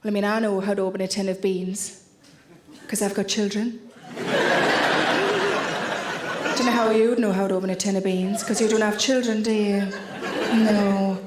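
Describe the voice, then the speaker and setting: A woman's voice: medium pitch, steady tone, normal speed, pauses often, a loud crowd. A woman in her thirties telling chatty, bawdy stand-up stories. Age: 30s. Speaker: stand-up comedian. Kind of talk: stand-up comedy. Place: large theatre with audience. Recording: echoey theatre, audience noise.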